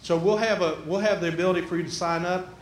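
A man's voice: high voice, steady tone, fast talker, slight background noise. A man preaching a sermon, folksy and conversational, with a church's roomy echo. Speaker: pastor. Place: church sanctuary.

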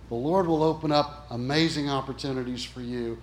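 A man's voice: on the high side, moderate pace, few pauses. A man preaching an emphatic storytelling sermon, speaking earnestly and directly to his congregation. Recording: echoey room.

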